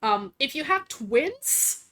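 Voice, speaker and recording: A woman's voice: sits high, sing-song, takes it slowly, bright, forceful tone. A woman hosting a casual chat, rambling about her game world with many fillers and restarts. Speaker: vtuber host and game master.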